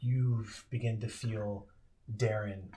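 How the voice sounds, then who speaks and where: Guy running a tabletop game, talks real slow, lots of pauses, vivid descriptions. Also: on the low side, fairly even intonation, mellow. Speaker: game master. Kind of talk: narrating a tabletop role-playing game.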